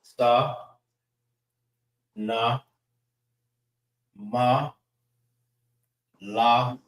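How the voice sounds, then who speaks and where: A man teaching an alphabet class, drilling letter sounds slowly and repeating them for his students. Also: mid-range voice, steady tone, reverberant. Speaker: class instructor.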